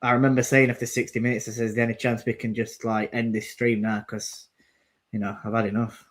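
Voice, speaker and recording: A man's voice: medium pitch, little pitch movement, fast talker. A man with an everyday mid-range voice co-hosts a football watchalong. He rambles through his opinions, reels off substitutions and describes the play as it happens. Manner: rambling, calls out substitutions and plays. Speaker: co-host commentating on the match. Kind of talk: casual football watchalong chat.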